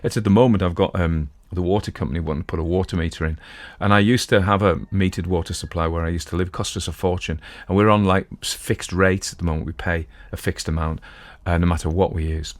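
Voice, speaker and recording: A man's voice: sits low, fairly even intonation, fast, few pauses, no echo. A middle-aged man hosting a podcast, chatting casually and digressively about a classic detective story from his home. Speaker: podcast host. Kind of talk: casual talk on classic literature.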